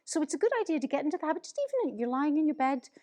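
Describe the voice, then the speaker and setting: A woman, a minister, leading a lively public speaking workshop for a group in a room, encouraging them and demonstrating the exercises aloud. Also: high voice, rapid-fire. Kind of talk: live workshop teaching.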